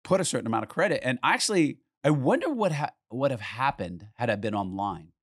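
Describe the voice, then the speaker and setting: A man's voice: medium pitch, fairly quick, husky, no room sound, studio quality. A man telling a story in casual conversation, swearing freely and acting out what people said. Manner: animated, swears freely, acts out quotes. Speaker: art collector telling a story.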